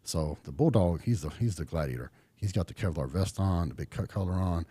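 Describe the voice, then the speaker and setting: A man's voice: low-pitched, animated, brisk, dark tone, slightly rough, dry recording. A middle-aged man from Texas, a podcast guest talking casually with a laid-back drawl and lots of fillers. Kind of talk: casual interview chat.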